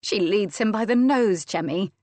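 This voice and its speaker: Woman reading a bold young noble lady, sharp tongue, teasing, raised a bit higher than plain narration, dry close sound. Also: lively intonation, moderate pace, no room sound, close to an everyday voice. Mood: airy. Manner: scathing, then airy and teasing.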